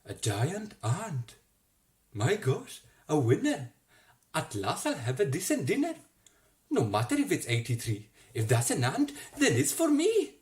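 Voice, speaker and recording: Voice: medium pitch, wildly swooping pitch, a little mellow. An actor, recording at home, voicing a starving male anteater who pleads for food, then gloats. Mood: gleeful. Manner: wheedling and hungry, rushed then gloating.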